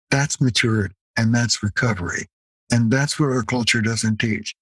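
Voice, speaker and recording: A man's voice: mid-range voice, moderate pace, a bit bright, husky, no room sound. An older man speaks as a guest therapist, driving his points home with punchy emphasis and the odd playful jab. The sound is dry and close, with no room around it. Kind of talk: podcast interview.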